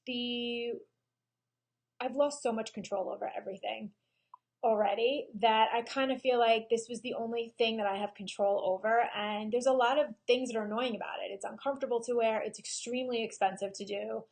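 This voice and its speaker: A woman photographer speaking candidly and emotionally in a personal video diary, pausing often with "um". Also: a little high, steady tone, a little mellow. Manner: frank and emotional, with frequent pauses and "um"s. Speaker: photographer and vlogger.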